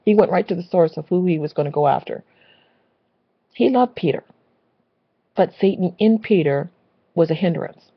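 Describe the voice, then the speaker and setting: Brief: woman, husky voice, earnest preachy rant on faith, dry dull lo-fi home recording. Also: lowish voice, moderate pace, long pauses, dry recording. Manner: earnest, preachy, repeats phrases for emphasis. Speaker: Christian video blogger. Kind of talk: impassioned religious rant to camera.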